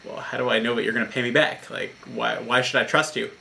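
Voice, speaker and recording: A man's voice: mid-range voice, steady tone, fast, gravelly, bright, forceful tone, slight background noise. Sheltered, trusting rich man, cautious questions, read by a man in a parable. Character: sheltered, naive wealthy older man living apart.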